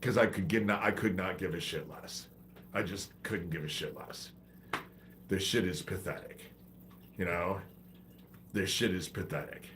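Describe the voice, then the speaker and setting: A low-pitched man rants on a livestream, swearing freely and turning preachy between complaints. He has a head cold, and a faint hiss sits under his voice. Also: steady tone, unhurried, long pauses, a bit bright. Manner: profane, exasperated, preachy. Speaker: livestream host. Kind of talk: ranting livestream monologue.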